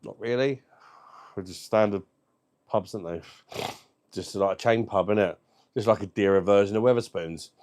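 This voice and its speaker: A man's voice: on the low side, moderate pace, pauses often, a little mellow. A man hosting a casual livestream, reading out viewer comments and bantering cheekily. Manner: cheeky, banters and swears freely. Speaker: beer review livestream host.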